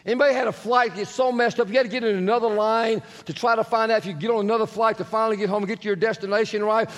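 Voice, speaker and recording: Animated pastor with a high voice. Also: male voice, racing. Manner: animated, questioning the congregation, jumps to shouts. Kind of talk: sermon. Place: church sanctuary. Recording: long church reverb.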